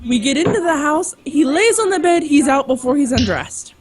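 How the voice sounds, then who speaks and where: Animated woman telling a story, high voice. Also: normal speed. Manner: animated storyteller acting out quotes. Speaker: tabletop game player. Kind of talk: casual anecdote among friends.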